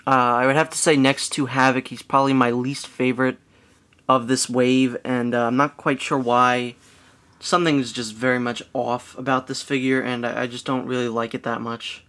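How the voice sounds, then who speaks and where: A man reviewing action figures in a relaxed, casual way, hedging often and filling pauses with "uh.". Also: mid-range voice. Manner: hedging, relaxed, with frequent fillers. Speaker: toy reviewer.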